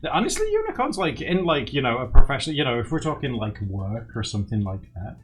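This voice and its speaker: A man's voice: mid-range voice, big pitch swings, fast talker, a little hiss or hum. A young man hosting a casual livestream, chatting with viewers and reading their comments, laughing often. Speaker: livestream host. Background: faint background music.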